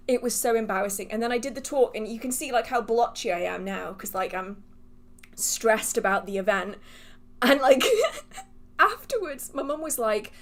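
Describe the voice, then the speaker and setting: A woman with a high voice and lively intonation hosts a livestream Q&A, speaking a little slowly. She chats casually with viewers, laughs often, and rambles self-deprecatingly, restarting her sentences.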